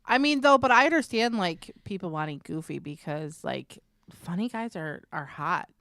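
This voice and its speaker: A middle-aged woman with a slightly low voice, chatting in a lively, storytelling way as a co-host. She often acts out her family's remarks with quick, animated energy. The recording is close and dry. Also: no room sound. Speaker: podcast co-host. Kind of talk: casual chat.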